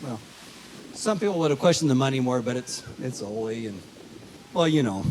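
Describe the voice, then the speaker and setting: A man giving a folksy, halting wedding toast at a reception, telling a joke with many fillers. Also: medium pitch, lively intonation, background noise. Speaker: wedding toast speaker, family of the bride.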